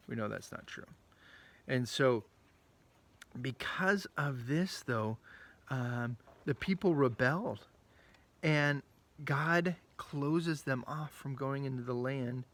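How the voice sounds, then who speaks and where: A man leading a children's Bible lesson, telling the story in a chatty, animated way and acting out the quotes. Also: medium pitch, slow, long pauses. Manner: chatty, with frequent asides. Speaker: children's ministry leader.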